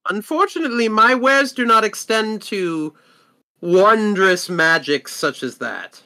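A woman's voice: medium pitch, expressive, unhurried, pushed and bright. A man voicing a haughty female merchant in a tabletop game, talking in a prim, evasive way with fussy restarts. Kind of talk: tabletop role-play.

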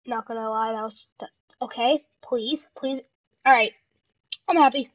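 A gaming channel host giving live commentary on their own match, excitable and talking to themselves while playing. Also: mid-range voice, a little slow, no echo, lo-fi sound.

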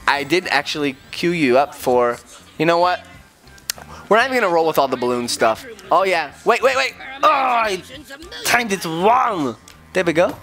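A man's voice: normal speed, soft background music. A man playing a video game with his son, chatting casually and playfully, breaking into sudden squeals. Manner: excitable and goofy, with sudden high squeals. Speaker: gaming video host, father.

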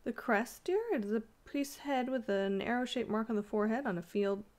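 A woman reading as a demure, gentle young wife. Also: on the high side, a little fast, pitched above the performer's own voice, natural voice. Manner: soft and demure.

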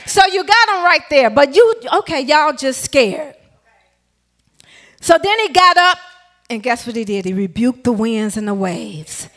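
High-pitched woman elder, preaching a chatty, story-driven sermon in church. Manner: lively, conversational, addresses congregation directly. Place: church sanctuary.

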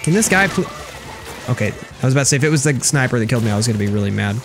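A man's voice: mid-range voice, rapid-fire, over music. A young man streaming a video game, chatting casually and sarcastically with viewers as he plays. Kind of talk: casual gameplay commentary reading chat.

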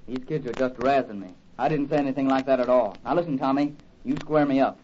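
A man playing a calm, earnest young athlete who gives the kids steady advice, in 1940s radio acting. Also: mid-range voice, quick pace, close to an everyday voice. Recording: dull old radio recording with faint hiss.

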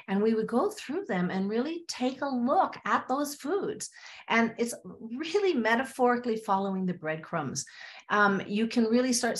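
A woman therapist, a podcast guest, telling stories from her practice and acting out the voices of her clients and herself. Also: a little high. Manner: animated, acts out client dialogue. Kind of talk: storytelling in a podcast interview.

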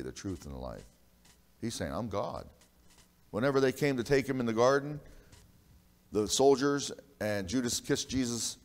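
A man pastor preaching a sermon in a church, emphatic, swinging between loud and hushed and calling out to the congregation for an amen. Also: deep voice. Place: church sanctuary. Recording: long reverb of a church hall.

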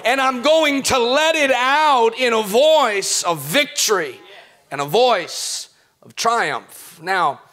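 A middle-aged male pastor preaching a sermon, swinging from quiet talk to impassioned shouts. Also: high voice.

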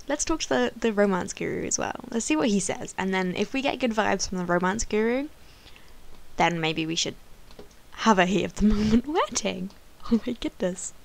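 A woman hosting a life-sim let's play, chatting excitedly, often gasping and squealing. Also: medium pitch, gravelly. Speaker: gaming channel host.

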